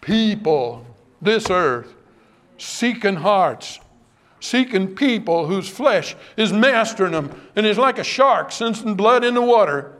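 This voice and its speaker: A preacher delivering an impassioned sermon, dropping often to hushed, solemn tones. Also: male voice, high-pitched, very animated, slow pace.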